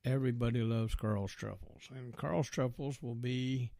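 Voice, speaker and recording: A man's voice: medium pitch, steady tone, a little slow, creaky, mellow, dry recording, clean studio sound. A man hosting a podcast, talking in a rambling, folksy way with lots of fillers and asides. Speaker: podcast host. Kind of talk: casual monologue.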